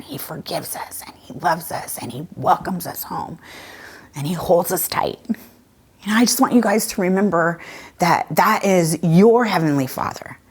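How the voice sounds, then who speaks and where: A woman's voice: medium pitch, husky. A woman leading a children's church lesson, telling a Bible story in a chatty, casual way with many fillers. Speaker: children's ministry leader.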